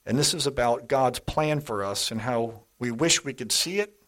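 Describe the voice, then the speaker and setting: A man's voice: mid-range voice, normal speed, fairly bright tone. Man preaching a conversational sermon. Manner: conversational storytelling, addresses the congregation directly.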